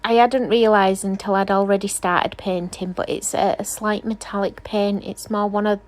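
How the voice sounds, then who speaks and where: A woman's voice: mid-range voice, level tone, normal speed. A woman nail technician doing a casual, rambling tutorial voice-over, chatty and self-deprecating, often apologizing.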